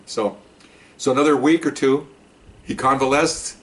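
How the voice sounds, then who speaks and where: An older man, a retired police officer, telling a story in a casual, animated way and acting out the people he quotes. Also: mid-range voice, measured pace. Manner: animated, acts out quoted voices.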